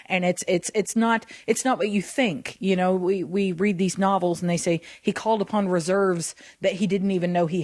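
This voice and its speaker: A woman co-hosting a Christian podcast, talking in an animated way and laughing often. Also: medium pitch, dry recording, clean studio sound. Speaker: podcast co-host.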